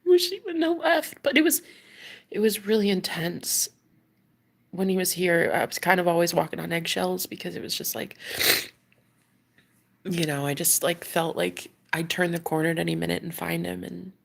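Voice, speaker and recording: Creaky-voiced Welsh woman. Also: lowish voice, steady tone, moderate pace. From Wales. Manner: rambling and open, with frequent restarts and laughs. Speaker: love coach. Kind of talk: candid confessional monologue.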